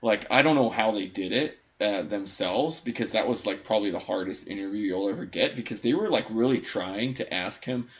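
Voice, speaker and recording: A man co-hosting a podcast in loose, profane casual chat, full of "like" and quick impressions of people. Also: lowish voice. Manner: loose and profane, lots of likes, mimics people. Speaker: podcast co-host.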